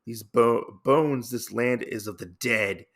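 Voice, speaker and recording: A man voicing a determined male rabbit samurai with loud, emphatic lines while retelling a comic. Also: mid-range voice, slow pace.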